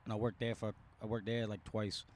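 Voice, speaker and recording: A man's voice: lowish voice, flat delivery, brisk, darkish tone, slight background noise. A man from New Orleans with a New Orleans accent, a podcast guest telling stories in a laid-back, profane, slangy way, outdoors in a park. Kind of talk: casual storytelling chat.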